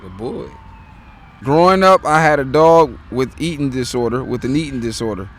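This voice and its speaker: A man from Detroit, a street performer, reading one-liners slowly and deliberately outdoors on a city street. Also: mid-range voice, expressive. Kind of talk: casual joke reading.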